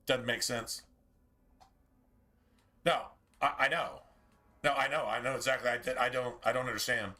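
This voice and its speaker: This streamer has a sharp, medium-pitched voice at normal speed. Playing a game, he chats casually with viewers, rambling, swearing freely and talking right to chat.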